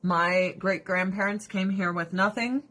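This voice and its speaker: Speaking at a measured pace in a mid-range voice, a female vlogger rants casually while doing her skincare routine. She's sarcastic and swears freely, and her animated delivery keeps breaking into mocking impressions.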